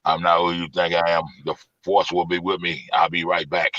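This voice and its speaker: A man mimicking a caller as a slow, deep-voiced, mock-solemn man who stutters over his words. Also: completely flat delivery, a bit bright, dull audio.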